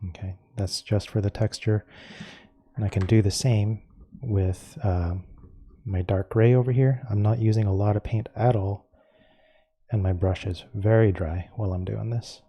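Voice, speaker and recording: A man teaching a painting lesson, explaining each step calmly and unhurriedly as he works. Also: lowish voice, moderate pace, husky. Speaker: painting instructor.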